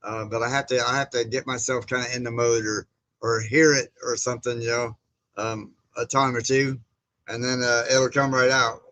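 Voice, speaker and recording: A man hosts a casual livestream with a bright, forceful voice. He rambles with plenty of fillers and restarts, reading chat comments and greeting viewers by name. His tone stays friendly and informal throughout. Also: mid-range voice, little pitch movement, moderate pace, no room sound, poor audio. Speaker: livestream host. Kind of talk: casual live-stream chat.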